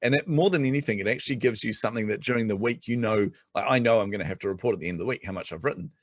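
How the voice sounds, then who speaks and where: Give me a fast, lively middle-aged man with a fairly low voice telling stories on a podcast. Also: no room sound, clean studio sound. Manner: fast, animated storytelling, laughs often. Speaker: guest entrepreneur. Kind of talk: casual podcast chat.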